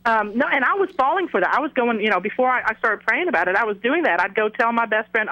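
A middle-aged woman sharing a personal testimony on Christian radio, halting with many fillers. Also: a little high, lively intonation, sharp tone, muffled recording.

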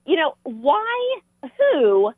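A woman's voice: sits high, very slow, no echo. Southern older woman on a tinny line. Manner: animated testimony with laughter. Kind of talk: Christian talk show chat.

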